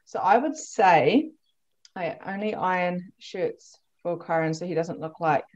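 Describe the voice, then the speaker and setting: A woman hosting a podcast, chatting casually and telling animated stories with frequent laughter. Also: lowish voice, a little slow, dull audio. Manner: animated storyteller, laughs often. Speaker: podcast host. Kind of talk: casual chat.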